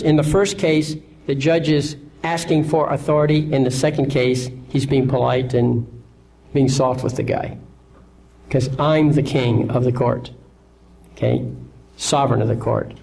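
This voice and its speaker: A man's voice: medium pitch, steady tone, moderate pace, vocal fry, a little mellow, rough recording. A man giving an instructional talk in a confident, assured manner, often checking in with listeners. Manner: confident, repeats "okay?" to check in. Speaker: lecturer.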